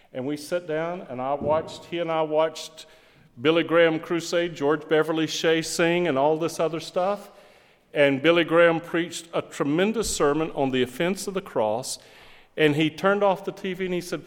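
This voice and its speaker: A middle-aged man, a pastor, preaching a sermon with emphatic swings between loud and quiet. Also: on the high side. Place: church sanctuary. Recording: long reverb of a church hall.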